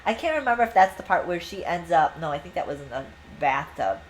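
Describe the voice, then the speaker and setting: Swearing freely and gushing, this podcast co-host reviews a book in a casual chat, performing lines from it as she goes. Her voice is on the low side but swings widely in pitch, and she speaks quickly. There's slight background noise and the audio quality is poor.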